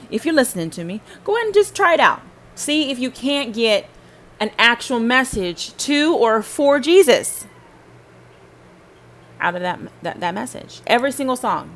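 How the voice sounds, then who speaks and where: A woman's voice: fairly high pitch, fairly bright tone. A woman hosting a podcast, talking about faith in a casual, emphatic and preachy way, speaking straight to the listener. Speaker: podcast host.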